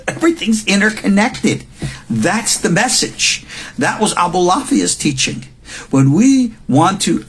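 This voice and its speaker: A man in his sixties teaching a recorded lecture as a rabbi, emphatic and repeating words for stress, with a husky voice. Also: a little high. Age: 60s.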